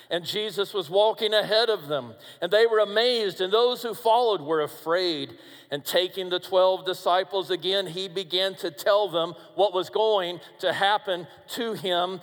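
A man delivers a sermon in a high, unhurried voice, pausing on his lines. He swings from booming declarations to near-hushed pleas and speaks to his listeners as friends. A long reverb trails each phrase, as if in a large hall. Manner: addresses listeners directly as friends. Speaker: preacher.

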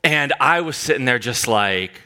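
A man preaching a sermon, telling a humorous personal story with animated delivery. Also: medium pitch, normal speed, clean tone. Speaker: pastor.

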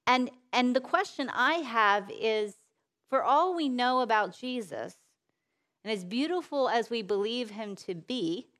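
A woman giving a sermon-style Bible talk in an earnest way, repeating phrases for emphasis, asking rhetorical questions and letting her sentences trail off softly. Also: a little high, expressive. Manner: unhurried, with soft trailing phrase endings. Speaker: speaker at a women's Bible teaching session.

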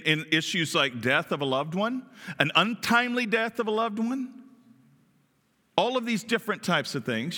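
High, bright-voiced preacher man in a hall. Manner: conversational, asks the congregation questions. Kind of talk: sermon. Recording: long reverb of a large hall.

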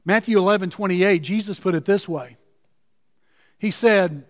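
Emphatic high-voiced man preaching. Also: long reverb tail. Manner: emphatic, slows and stretches key words. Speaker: pastor. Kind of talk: sermon.

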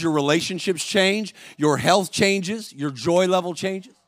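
A man preaching as a guest speaker at a church service, calling out to the congregation and rising to shouts. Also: high voice, dry recording, studio quality. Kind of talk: sermon. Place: church sanctuary.

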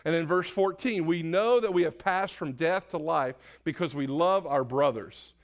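A man preaching from the pulpit of a church, his voice sitting a little higher than most men's. He talks loosely and casually, stumbling over verse numbers, laughing at himself and tossing questions out to the congregation. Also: normal speed. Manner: off-the-cuff, self-correcting, asks the congregation questions. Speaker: pastor. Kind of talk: sermon. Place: church sanctuary.

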